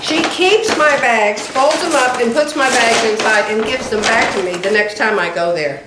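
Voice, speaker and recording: A woman in her seventies telling animated anecdotes to her viewers from home, laughing often. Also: on the high side, moderate pace. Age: 70s. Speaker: quilting vlogger. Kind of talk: casual chatty storytelling to viewers. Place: indoors at home by the front door. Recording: very echoey room, distant mic, faint hiss.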